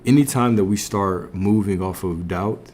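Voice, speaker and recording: Man, lowish voice, reflective livestream teacher, faint room hum behind. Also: normal speed, a little mellow. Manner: reflective, repeats phrases, asks listeners questions. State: a little out of breath. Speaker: spiritual coach streaming to viewers.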